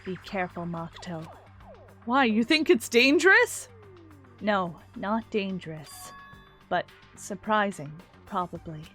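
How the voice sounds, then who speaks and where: A woman voicing a cool, guarded teenage girl detective, speaking low, quiet and measured. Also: lively intonation, soft background music. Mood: cautious. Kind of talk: dramatic reading of game dialogue.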